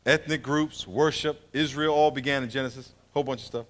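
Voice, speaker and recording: A man teaching a Bible lesson in a lively sermon style, joking and swinging between loud and quiet. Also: a little fast, few pauses. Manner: animated, jokey, swings from loud to low.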